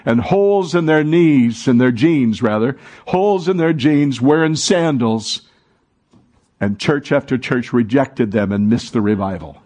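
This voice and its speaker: A man's voice: medium pitch, animated, a little slow, a little mellow. A man preaching a sermon as pastor, calling on the congregation to answer and repeat after him. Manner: preaching, calls for congregation responses. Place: church sanctuary.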